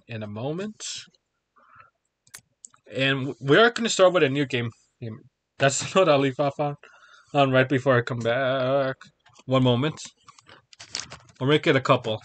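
This male streamer has a mid-range, slightly bright voice. Chatting loosely during a game stream, he rambles and laughs to himself as he fixes technical issues.

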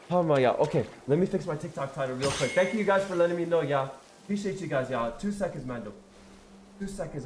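Young male streamer talking to chat while gaming; excitable, slangy, a touch high-pitched. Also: a little hiss or hum. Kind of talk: casual live-stream chat.

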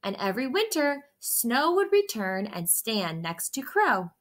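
A woman reading a children's picture book aloud in a slow, gentle, expressive storytelling voice. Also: on the high side.

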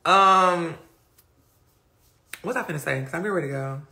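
A woman's voice: fairly low pitch, brisk, creaky, long pauses, bright, forceful tone. A woman hosting a casual live stream, reading viewer comments, talking bluntly and profanely with many repeated fillers. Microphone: phone or webcam on a live stream.

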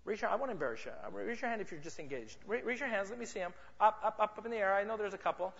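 A man with a high voice gives a playful, joking sales seminar to a live audience in a large conference room. He teases audience members as he talks. The sound is a little muffled and carries a long hall echo. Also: expressive, rapid-fire, a bit bright, slight background noise. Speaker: sales and marketing speaker. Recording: muffled reverberant hall recording.

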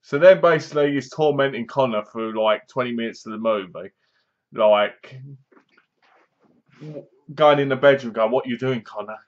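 A man's voice: mid-range voice, moderate pace, pauses often, muffled recording. A young man chattily retelling a film's plot in a casual review, leaning on fillers like "basically". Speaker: film reviewer. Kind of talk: casual spoken movie review.

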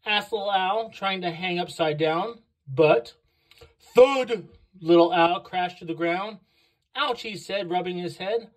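A woman reading a picture book aloud to children, slow and expressive on the sound words. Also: on the low side, low-quality recording. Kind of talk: read-aloud storytelling for children.

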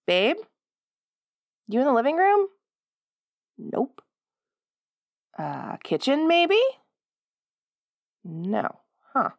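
A woman's voice: fairly high pitch, vocal fry, no echo, studio quality. Whispered role-play: young woman, playful girlfriend, bossy and affectionate, light laughter throughout.

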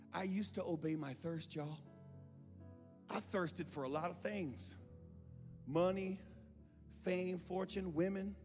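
A man pastor preaching a sermon in a church, moving from calm talk to impassioned shouting, with joking asides. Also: high-pitched. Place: church sanctuary. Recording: reverberant hall with music behind.

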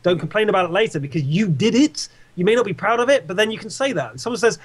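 A man's voice: high-pitched, quick pace, hardly any pauses. A young man giving casual advice and telling stories in an interview, emphatic and repetitive. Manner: animated, emphatic, repeats himself. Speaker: interviewee, game caster.

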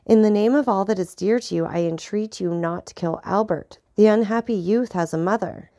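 A woman's voice: mid-range voice, moderate pace, mellow, no echo, clean studio sound, lightly acted. A woman voicing an anxious, earnest young soldier who pleads with his friend.

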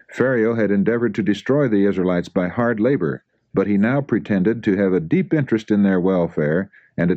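Male audiobook narrator, lowish mellow voice, solemn and expressive, dull dry recording. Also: no echo. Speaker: audiobook reader. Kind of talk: scripted narration of a religious book.

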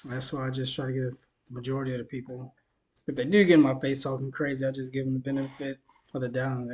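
A man's voice: medium pitch, little pitch movement, fast, a little mellow. A man from Mississippi, talking loosely in a news commentary vlog, tired and dehydrated after the gym, rambling and stumbling over his words. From Mississippi, USA. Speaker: news vlogger.

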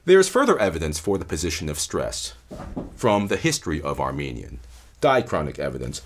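A man lecturing on linguistics in a measured, explanatory way, stressing key terms as he goes. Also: extremely low pitch, big pitch swings, a little hiss or hum. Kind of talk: academic lecture.

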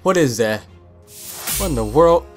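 A young man giving casual let's-play commentary, full of excited, puzzled exclamations. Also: mid-range voice, unhurried. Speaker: gameplay commentator. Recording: game music under voice.

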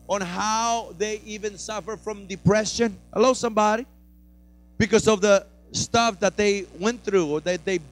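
A pastor preaching a sermon, moving from quiet explanation to loud, fervent preaching and acting out scenes. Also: male voice, high-pitched. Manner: builds from soft teaching to loud preaching, acts out frightened disciples.

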